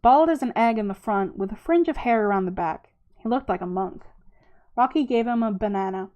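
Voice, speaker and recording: A woman hosting her own channel, reading a novel aloud in a steady, unhurried storytelling manner. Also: mid-range voice. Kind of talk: casual read-aloud narration.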